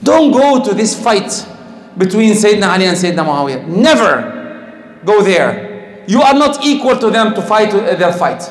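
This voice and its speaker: High-voiced preacher, native Arabic speaker. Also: male voice, brisk. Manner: animated, acts out quoted speech, loose grammar. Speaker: Islamic preacher. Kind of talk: storytelling sermon. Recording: echoey room.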